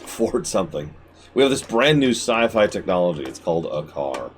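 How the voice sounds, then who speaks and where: A man giving live gameplay commentary as a streamer, talking to the game and swinging between shouted outbursts and low mutters. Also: sing-song, normal speed, soft background music.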